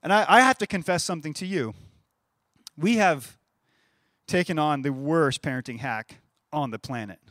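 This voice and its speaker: A man's voice: on the high side, moderate pace, long pauses, a bit bright, no echo, studio quality. A man in his thirties giving a sermon in a conversational way, often repeating words as he starts a phrase. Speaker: pastor.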